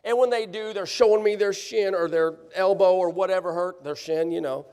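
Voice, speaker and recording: High-voiced preacher, lively and sarcastic, long echo of a church hall. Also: male voice, moderate pace, clear, resonant tone. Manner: animated, sarcastic, checks in with the congregation often. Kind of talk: sermon. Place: church sanctuary.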